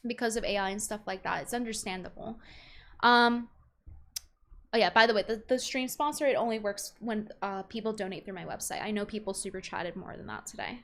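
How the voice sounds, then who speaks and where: A woman's voice: a little high, a bit bright. A young woman streamer chatting casually, reading viewer messages aloud and reacting bluntly.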